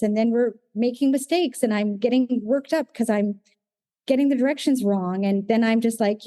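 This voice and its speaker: A middle-aged woman sharing her recovery story at a meeting, animated, acting out her own past conversations. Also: on the high side, normal speed, no room sound. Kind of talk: personal testimony in a recovery meeting.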